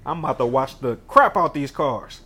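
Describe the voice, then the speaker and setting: A man from Detroit, giving joking, animated commentary while playing a video game. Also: mid-range voice, moderate pace, husky. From Detroit, USA. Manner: animated, joking, loud banter at the screen. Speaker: gaming video host. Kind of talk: gameplay commentary.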